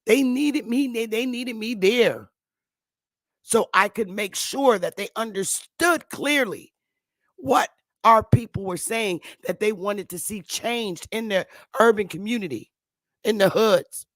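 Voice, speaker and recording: Middle-aged woman, talk show host, insistent livestream monologue, repeats for emphasis, mid pitch, dead-dry recording. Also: slow pace, dry recording. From Connecticut, United States.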